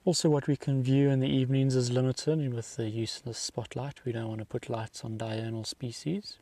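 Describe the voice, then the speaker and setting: A man working as a safari guide, calmly explaining animal behavior during a live broadcast. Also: mid-range voice, dry recording. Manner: calm and measured, explains patiently.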